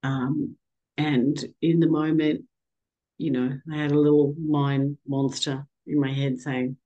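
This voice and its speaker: A middle-aged woman as an interview guest, telling a personal story in a halting, emotional way with many restarts. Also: sits low, flat delivery, dull audio.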